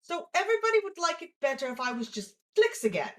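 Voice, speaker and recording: A woman's voice: extremely high pitch, big pitch swings, fast. A woman playing her character in a tabletop game, joking with playful back-and-forth banter. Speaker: player. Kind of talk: in-character tabletop role-play.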